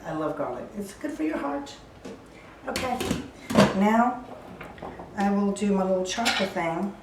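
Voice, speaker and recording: A woman's voice: mid-range voice, lively intonation, unhurried, far from the mic, very noisy. A woman chatting casually as she cooks in her home kitchen, talking through each step as she works. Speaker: home cook. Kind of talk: casual cooking demonstration. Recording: echoey kitchen, voice from off-mic. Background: clattering dishes, utensils and drawers.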